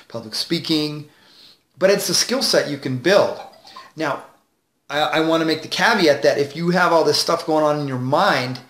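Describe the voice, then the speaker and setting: A man as a confidence coach, giving advice straight to camera with clear enunciation, shifting tonality and deliberate pauses. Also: a little high, a bit bright, roomy sound. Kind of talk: direct-to-camera advice video.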